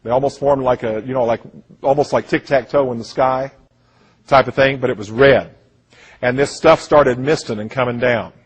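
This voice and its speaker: Husky-voiced man, earnest preaching monologue, mid-range pitch. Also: moderate pace. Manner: earnest, repeats "listen to me", quotes others in voices. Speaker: speaker giving a presentation. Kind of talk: impassioned monologue, storytelling.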